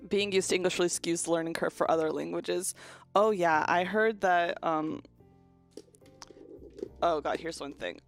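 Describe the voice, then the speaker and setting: A young woman with a fairly low voice chats casually on a livestream, explaining pronunciation through hands-on demonstrations. She swears freely and keeps a loose, conversational flow. Faint music plays behind her. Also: normal speed, pauses often. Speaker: virtual streamer. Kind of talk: casual chat stream about linguistics.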